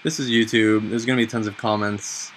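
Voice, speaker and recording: A man in his twenties giving casual, self-mocking advice in a chatty, animated way on a home vlog. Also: lowish voice, fairly quick, slight background noise, rough recording. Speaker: vlogger.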